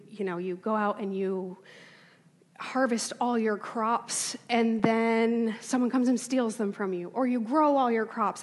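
A woman teacher giving a classroom lecture, animated, checking in with her class and reading passages aloud with emphasis. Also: mid-range voice, big-room sound. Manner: animated, reads text aloud with emphasis, asks class for confirmation.

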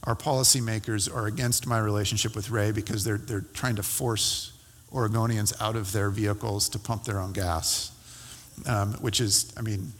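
A man preaching as a pastor, telling a personal story in a conversational, halting way with many fillers and restarts. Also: fairly low pitch, fairly even intonation, in a large hall. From California.

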